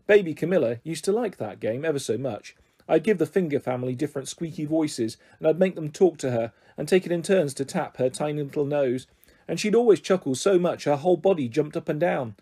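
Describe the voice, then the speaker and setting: A man reading a children's book aloud with lively, expressive narration, as the story's host. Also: fairly high pitch, brisk, slightly rough. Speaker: story reader.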